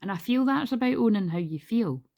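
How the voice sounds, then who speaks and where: A woman's voice: on the high side, lively intonation, a little fast, creaky, darkish tone. A woman giving a casual, rambling tarot card reading, laughing and swearing freely as she talks. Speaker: tarot reader.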